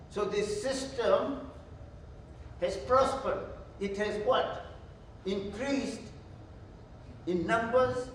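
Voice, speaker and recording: Slow, high-voiced preacher in an echoey hall. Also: male voice, recorded from a distance, a little hiss or hum. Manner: emphatic, asks and answers his own questions. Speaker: pastor. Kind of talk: Bible study teaching. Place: church hall. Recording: very echoey church hall, from afar.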